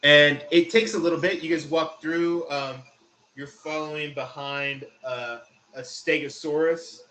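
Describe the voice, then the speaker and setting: A man narrating a tabletop game as game master, describing scenes in a halting way with many fillers. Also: on the high side, steady tone, bright, forceful tone, reverberant, a little hiss or hum, poor audio.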